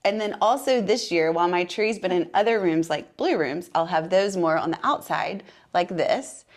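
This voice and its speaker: A woman's voice: on the low side, lively intonation, moderate pace. A woman co-hosting a casual chat from a room in her home, talking in a rambling way with many asides. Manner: chatty, rambling, with frequent asides. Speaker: podcast co-host.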